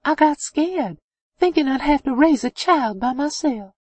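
Breathless stammering young woman, voiced by the female narrator, high, dry studio read. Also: animated, measured pace, a little mellow, no echo. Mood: anxious. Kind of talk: audiobook character voice.

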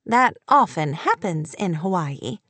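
An embarrassed young woman teacher, worn down by small-town gossip, as a woman narrator reads her. She speaks softly in a plain everyday voice. The recording is close and dry. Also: medium pitch, lively intonation, normal speed, no room sound, natural voice. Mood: defensive.

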